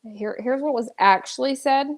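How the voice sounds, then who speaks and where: A woman's voice: fairly high pitch, moderate pace. A woman ranting through live commentary, exasperated and restarting often. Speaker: drama commentary streamer.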